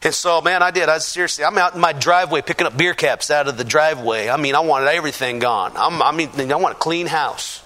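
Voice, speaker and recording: A man, a pastor, giving a lively testimony sermon to a congregation in a church, acting out the voices of the people in his story. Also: fairly high pitch, quick pace, hardly any pauses. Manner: animated storyteller, acts out quoted voices.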